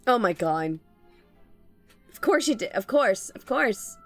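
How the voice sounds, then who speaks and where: Lively young woman chatting on stream. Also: mid-range voice, takes it slowly, soft background music. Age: young adult. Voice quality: vocal fry. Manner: playful, rambling, laughs often. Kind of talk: casual stream chat while drawing.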